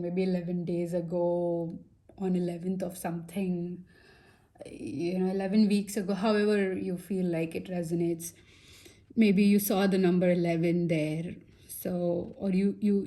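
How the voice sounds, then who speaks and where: Woman, tarot reader, casual and reassuring, slow delivery, warm dark tone. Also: on the low side. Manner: chatty and reassuring, many fillers and asides, drops into soft whispers. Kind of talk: casual pick-a-pile tarot reading.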